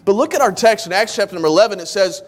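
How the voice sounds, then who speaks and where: A man's voice: high voice, animated, very fast. A man in his thirties preaching a sermon in church, telling the story with animation and acting out the voices of the people he quotes. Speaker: pastor.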